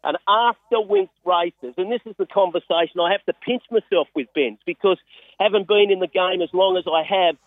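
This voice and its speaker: An Australian man with a fairly high voice tells a story with bubbling excitement. He is calling in to a radio show, and his voice comes through a thin, phone-like line. The sound is close and dry. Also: brisk, dry recording. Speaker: weatherman and racehorse part-owner.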